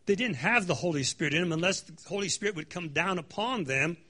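A man's voice: sits high, animated, fast, bright, forceful tone. A man leading a conversational Bible study in a church room, reading scripture dramatically and adding joking asides.

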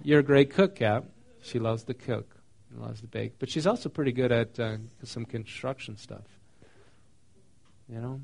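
A man preaching in a relaxed, conversational way. He reads a passage, then talks it through, often asking his listeners questions. His voice sits at a middle pitch. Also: moderate pace, vocal fry, long pauses. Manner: conversational, asks the congregation questions; reads scripture then explains it casually. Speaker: pastor. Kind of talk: sermon.

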